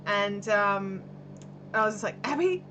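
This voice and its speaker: Her voice medium in pitch, a bit bright and at normal speed, a middle-aged Australian woman hosts a live stream at home. She crochets, chats in a rambling way and reads viewers' comments aloud, with slight background noise on the camera mic.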